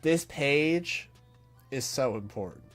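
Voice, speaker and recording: A man live-reacting on a stream, speaking slowly and earnestly. He is awestruck and emotional, and his sentences stall and restart as he searches for words. Soft music plays faintly behind him. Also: mid-range voice, lively intonation. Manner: awestruck and halting, with many trailing restarts. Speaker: streamer reacting to a comic chapter.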